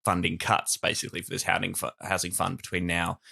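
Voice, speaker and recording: A man's voice: low voice, completely flat delivery, quick pace, creaky, bright, forceful tone. A man with an Australian accent co-hosting a political podcast, explaining policy with wry humour and frequent laughter. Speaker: podcast co-host. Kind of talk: casual political chat.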